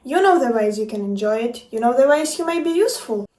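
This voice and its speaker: A woman's voice: on the high side, expressive, fast, darkish tone. Woman, life coach, casual motivational vlog, emphatic, roomy echo. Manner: playful, emphatic, swears freely. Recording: echoey room, distant from mic.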